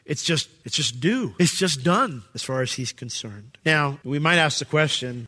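A man preaching a sermon as pastor, animated and acting out the voices of biblical figures. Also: on the high side, normal speed, few pauses, slightly rough.

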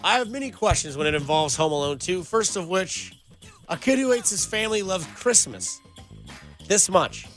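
Male sports radio host, upbeat and playful, bright forceful tone, slightly high voice, faint music under him. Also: moderate pace. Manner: energetic, playful. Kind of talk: radio show banter.

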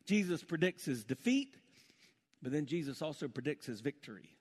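A man preaching a sermon as pastor, swinging between emphatic exclamations and hushed prayer. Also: fairly high pitch, normal speed, husky, in a large hall. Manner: animated, rising to emphatic exclamations then dropping to hushed prayer.

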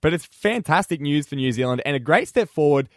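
A man's voice: fairly high pitch, lively intonation, fairly quick, no room sound, clean studio sound. A young Australian man hosting a breakfast radio show, chatting casually with lots of fillers and restarts. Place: radio studio.

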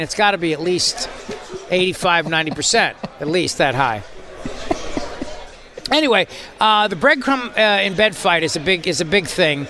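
Bright high-voiced sarcastic radio host. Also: male voice. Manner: sarcastic, rambling, mocking. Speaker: radio talk show host. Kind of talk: talk radio commentary.

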